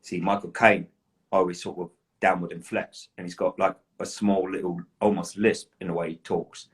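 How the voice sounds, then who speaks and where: A young adult man, an actor and dialect coach, chatting in a relaxed, playful way on a live video stream. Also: sits low, moderate pace. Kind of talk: casual live-stream chat. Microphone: phone on a live video stream.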